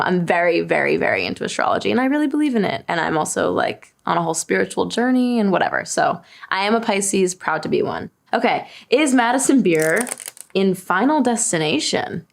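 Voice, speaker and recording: A woman's voice: medium pitch, creaky. A woman in her twenties from Long Island, New York, chatting casually and answering questions about herself with a self-deprecating, laughing manner. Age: 20s. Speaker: singer answering fan search questions. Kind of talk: casual chat.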